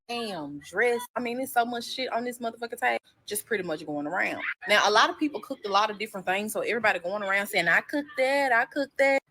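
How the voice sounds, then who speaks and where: A woman's voice: mid-range voice, rough recording. A young woman, telling a storytime in a sassy, profane, chatty way. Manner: sassy, profane, animated quoting of characters. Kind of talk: casual second-person storytime.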